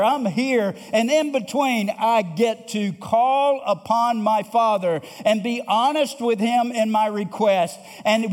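A pastor preaching a sermon, earnest and emphatic, who repeats phrases and asks the congregation rhetorical questions. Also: male voice, sits high, darkish tone. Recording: long hall reverb.

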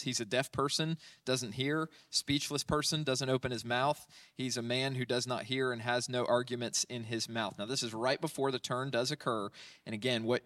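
A man's voice: medium pitch, a bit bright, no room sound, distant mic. Man teaching a psalm, mic set back. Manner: conversational, asks "right?" often, many fillers. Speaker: pastor.

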